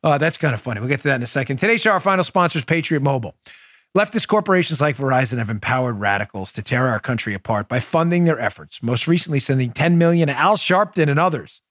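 A man's voice: medium pitch, lively intonation, fast talker, a bit bright, no echo, clean studio sound. A man from New York hosting a political podcast, delivering a combative, sarcastic opinion monologue. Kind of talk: opinionated talk show monologue.

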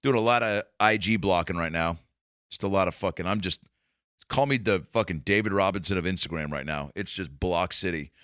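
A man's voice: low voice, fairly quick, a bit bright, no echo, studio quality. A man, a comedian, rambling through a profane, casual monologue full of restarts.

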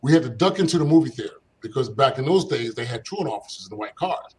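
In a casual interview, an older ex-basketball player from Philadelphia recounts stories of his younger days, talking fast at a mid-range pitch. He's animated, laughs frequently and imitates the voices of the people he describes, and the recording is low quality.

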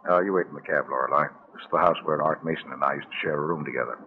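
A brisk, confident American man on a wartime mission in a 1940s radio play. His voice is very deep, and the old broadcast sounds dull and lo-fi. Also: slight background noise. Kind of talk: 1940s radio drama acting.

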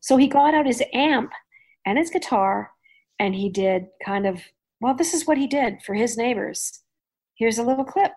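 A middle-aged woman hosting a podcast, chatting in an animated way and laughing easily. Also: on the high side, moderate pace. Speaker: podcast host. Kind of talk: casual chat.

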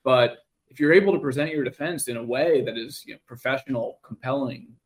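A man, an attorney appearing as a guest on a radio interview, explains procedure in a measured, explanatory way. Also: medium pitch, low-quality recording.

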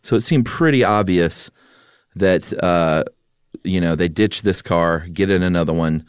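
Low, smooth-voiced man telling a story. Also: no echo, studio quality. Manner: relaxed narrator, steady with filler pauses. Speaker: podcast co-host. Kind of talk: casual conversational storytelling.

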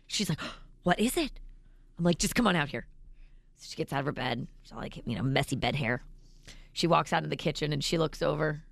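A woman in her thirties, a radio co-host, telling a family story in animated, casual banter. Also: deep voice, a little fast, vocal fry, dry recording.

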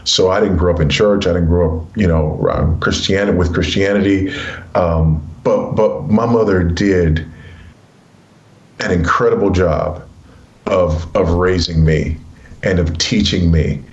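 A middle-aged man from Los Angeles, a guest author telling stories in an earnest, animated way during an interview. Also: deep voice, a little slow, muffled recording. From South Central Los Angeles, USA. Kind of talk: interview storytelling. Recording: roomy echo.

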